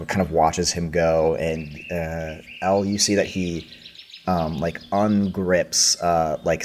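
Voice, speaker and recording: A man's voice: sits low, slight background noise. A man narrating as game master, hesitant and full of fillers.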